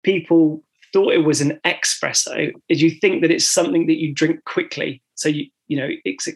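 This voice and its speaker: A man's voice: on the high side, fairly even intonation, normal speed, vocal fry, husky. A man co-hosting a podcast, chatting agreeably and repeating words as he thinks. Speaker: podcast co-host. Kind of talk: casual chat.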